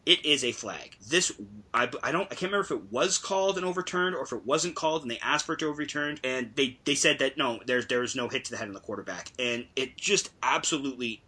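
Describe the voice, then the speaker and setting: A man with a sharp, forward tone and a husky edge, holding forth in casual sports chat. He rants, swears and stumbles over repeated words as he gets worked up. He talks like a podcast co-host. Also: mid-range voice, fast.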